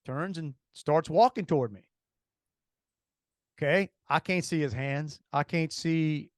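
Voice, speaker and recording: A man's voice: a little high, slow, no room sound, clean studio sound. A man with a Cajun accent, co-hosting a podcast and telling a long rambling story with many restarts. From Louisiana. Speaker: podcast co-host. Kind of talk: casual storytelling.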